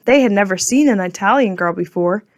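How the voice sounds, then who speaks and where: A woman narrating a children's storybook in a clear, gentle storytelling manner. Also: mid-range voice, animated, brisk, dry recording, studio quality. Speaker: audiobook narrator.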